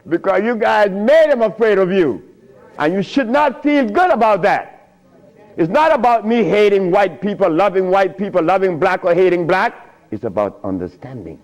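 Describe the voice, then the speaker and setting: A man's voice: sits high, moderate pace, rough recording. Older guy lecturing a crowd, voice swoops up and down a lot, chuckles as he tells stories. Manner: animated, chuckling, acts out dialogue. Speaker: speaker addressing an audience. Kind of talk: storytelling lecture to a live audience.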